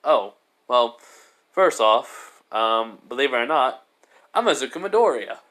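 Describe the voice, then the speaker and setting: A man doing a laid-back young hero in a made-up fan story. He talks in a middle-pitched voice, unhurried, stopping and restarting with plenty of ums. The lines come in loose, casual bursts, like a story being made up on the spot. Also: expressive, fairly bright tone. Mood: calm. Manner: rambling, hesitant, many fillers. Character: young male hero, calm and easygoing.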